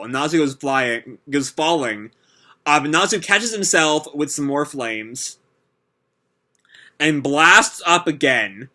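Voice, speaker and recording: A man hosting a manga reaction, narrating each panel and giving his opinions. He rambles, with many fillers and restarts. His voice is a little high, bright and forceful. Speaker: manga reaction video host. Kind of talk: reading a manga chapter aloud and commenting.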